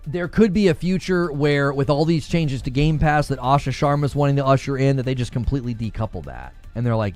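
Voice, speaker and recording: A man's voice: mid-range voice, a little fast, hardly any pauses, a little mellow, soft background music. A man hosting a casual gaming livestream, reading chat and talking back to it, laughing often.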